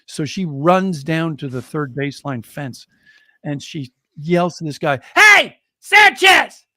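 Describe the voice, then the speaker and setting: A middle-aged American man, a storyteller, telling a personal anecdote on a podcast in a lively way and chuckling as he goes. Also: on the high side, measured pace, dry recording, studio quality. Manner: lively, chuckling, builds excitement as he tells it.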